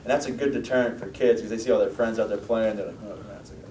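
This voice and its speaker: Mellow-voiced man preaching from afar. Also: steady tone, quick pace. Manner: conversational, asks the listeners questions. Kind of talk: sermon with a personal story. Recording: roomy, distant mic, faint rumble.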